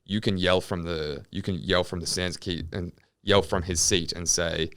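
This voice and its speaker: A man co-hosting a podcast, laid-back and agreeable, with quick jokes. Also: low-pitched, steady tone, a bit bright, no echo, studio quality. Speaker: podcast co-host. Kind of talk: casual podcast chat.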